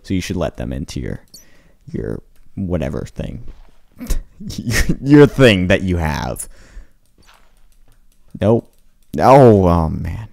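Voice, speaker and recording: Excitable rambling gamer guy, lively pitch. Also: takes it slowly, gravelly, pauses often, no room sound, studio quality. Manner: rambling, talks to himself, excitable outbursts. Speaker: gaming channel host. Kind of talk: casual let's play commentary.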